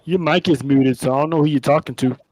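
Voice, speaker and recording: A man's voice: a little high, fairly even intonation, quick pace, darkish tone, no room sound, poor audio. A man co-hosting a podcast, talking in a casual, rambling way with restarts. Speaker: podcast co-host. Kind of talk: casual chat.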